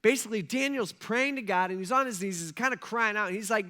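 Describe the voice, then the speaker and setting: A man's voice: high-pitched, lively intonation, brisk, hardly any pauses, sharp tone. A male pastor preaching a sermon in a conversational way, often checking in with the congregation and acting out quoted prayers. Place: church auditorium.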